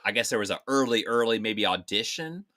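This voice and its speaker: A man's voice: lowish voice, expressive, brisk, pushed and bright. A man co-hosting a casual live-stream chat about movies, playful and prone to silly voices. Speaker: co-host.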